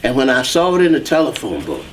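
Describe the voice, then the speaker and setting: A man's voice: medium pitch, sing-song, quick pace, a little hiss or hum. A man telling his life story as an interview guest, acting out the voices of the people in it. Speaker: guest, saxophonist.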